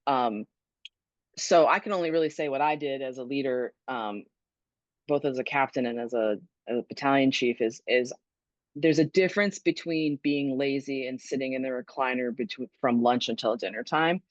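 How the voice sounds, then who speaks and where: A woman's voice: extremely low pitch, normal speed, no echo. A woman who was a fire battalion chief, answering webinar questions in an earnest, conversational way with frequent ums and restarts. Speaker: guest speaker, former fire battalion chief. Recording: dull lo-fi dry webinar audio.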